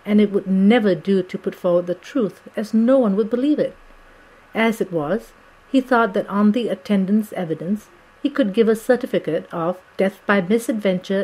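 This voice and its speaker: A woman reads a classic novel aloud as an audiobook narrator. Her voice sits in a middle register, and her storytelling stays measured and steady. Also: medium pitch, rough recording.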